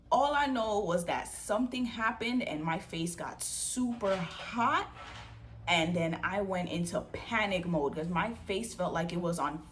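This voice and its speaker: A young woman vlogger telling a personal story in a casual, animated way, acting out what people said. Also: medium pitch. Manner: animated storytelling with acted-out quotes, says "y'all". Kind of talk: storytime vlog.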